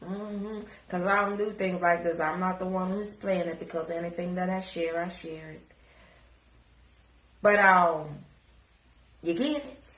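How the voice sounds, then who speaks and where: Slow, profane Jamaican woman ranting. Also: on the low side, steady tone, a bit bright, roomy sound, low-quality recording. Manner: profane, confrontational. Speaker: social media personality. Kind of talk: ranting live video.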